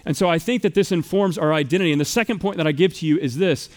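A man in his thirties from the United States, preaching a sermon as pastor, storytelling with playful, animated asides. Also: a little high, fast talker.

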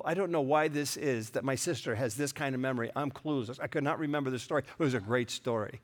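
A middle-aged man preaching a sermon, earnest and storytelling, with touches of self-deprecating humor. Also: a little high. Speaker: pastor.

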